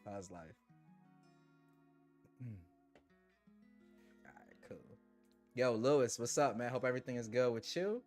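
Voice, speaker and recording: A man hosting a tech livestream, chatting casually with viewers in relaxed slang and laughing often. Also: medium pitch. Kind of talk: casual livestream chat reading super chats.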